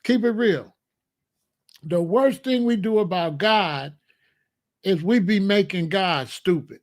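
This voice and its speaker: A man's voice: sits high, animated, a little slow. A man hosting a comedic monologue, preachy and full of rhetorical questions. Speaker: comedian host.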